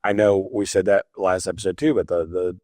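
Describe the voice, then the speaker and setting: A man co-hosting a faith podcast with a low voice and a dry, close sound. He talks in a reflective, conversational way and fills his pauses often. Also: level tone, darkish tone, no room sound. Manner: conversational, reflective, many fillers. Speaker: podcast co-host. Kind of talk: casual chat.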